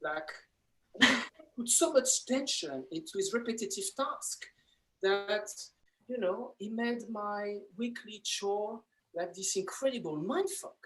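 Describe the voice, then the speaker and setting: A man's voice: high voice, slow pace, rough recording. A man, doing a playful stand-up set over a video call. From France. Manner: animated storyteller, playful. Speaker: comedy student performer.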